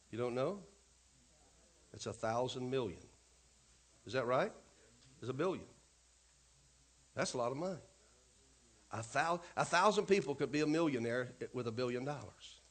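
A male pastor preaching a sermon, emphatic and punchy, often turning to the congregation with asides and questions. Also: mid-range voice.

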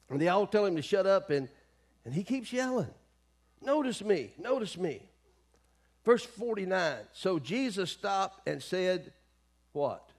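A man's voice: fairly high pitch, breathy edge. A middle-aged male pastor preaching a sermon in a folksy way, with many asides and calls to the congregation.

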